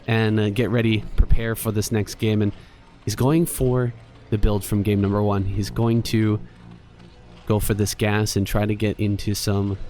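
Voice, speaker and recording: A man giving steady, measured play-by-play commentary on a strategy game match at a live event. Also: lowish voice, soft background music. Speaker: esports commentator. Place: venue at a LAN event.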